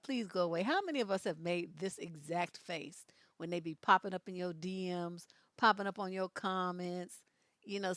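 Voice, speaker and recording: A woman's voice: lowish voice, dry recording, studio quality. A middle-aged woman hosting a live stream, laughing often and reacting with sass to viewer comments and memes.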